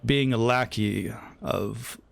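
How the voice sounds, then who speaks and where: A man voicing a grim, haughty ancient djinni lord who speaks slowly and with scorn. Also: mid-range voice, vocal fry, dry recording. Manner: slow, scornful and lordly.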